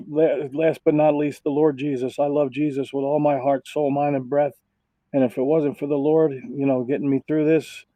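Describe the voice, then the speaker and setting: On a racing broadcast, a male race car driver rambles through heartfelt thanks and shout-outs packed with fillers. His voice sits at a medium pitch, and the audio is narrow and tinny with no room sound.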